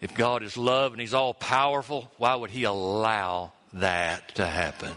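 A man preaching a sermon, telling a story in halting phrases and repeating words for emphasis. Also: on the low side, steady tone, pushed and bright, long reverb tail.

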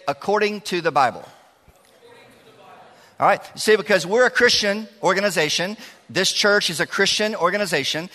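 Preaching to teenagers and the wider church, this youth pastor has a high-sitting voice and a lively, talkative style full of jokes for the crowd. The large church hall gives his sermon a long, lingering reverb.

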